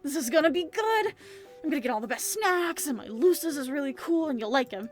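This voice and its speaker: A woman's voice: high voice, big pitch swings, fast, faint music behind. A woman voicing a gushing, buzzy male troll. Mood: thrilled. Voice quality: buzzy accent. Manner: over-apologetic, gushing, then sulky. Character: eager lonely male troll, round, anxious to please. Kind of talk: reading visual novel dialogue aloud.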